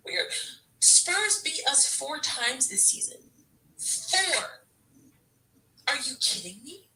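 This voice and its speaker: Woman fan venting to camera, sharp bright voice, kinda far from the mic, keeps restarting sentences. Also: sits high, big pitch swings, slow pace, long pauses. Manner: frustrated, exasperated, stammering restarts. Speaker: football fan vlogger. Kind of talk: emotional fan rant to camera.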